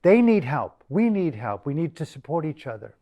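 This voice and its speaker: An older man giving a dharma talk to a group, emphatic and deliberate, repeating phrases for stress. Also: a little high, big pitch swings, dark tone. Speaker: dharma teacher.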